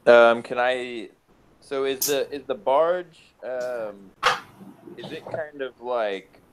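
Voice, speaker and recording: A man playing a tabletop game, asking halting, hesitant questions. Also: medium pitch. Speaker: player. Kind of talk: casual play at the table. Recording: clear background noise.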